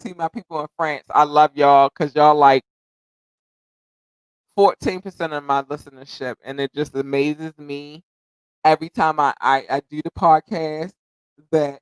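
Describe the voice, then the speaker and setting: An American man hosts his own podcast in a casual solo chat, effusive and grateful, repeating thanks and shout-outs while rambling, self-correcting and sometimes getting tongue-tied. His voice is fairly high, steady, clear and resonant, at normal speed. There's no echo, but the recording is low quality.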